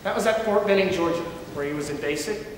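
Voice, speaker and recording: A young man giving a dramatic first-person story reading, reflective and measured, performed live in a large hall. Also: high voice, background noise. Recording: echoey hall from far off.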